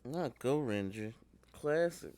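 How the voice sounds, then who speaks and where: A man's voice: medium pitch, animated, slow, darkish tone. A man co-hosting a podcast, chiming in with laid-back quips in casual chat. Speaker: podcast co-host.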